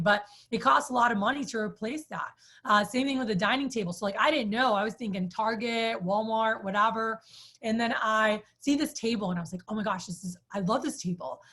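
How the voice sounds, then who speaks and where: A woman in her thirties, chatty and animated, telling a personal story to a group, with many "like"s. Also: on the high side. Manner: chatty, animated, says "like" often. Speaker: sales trainer.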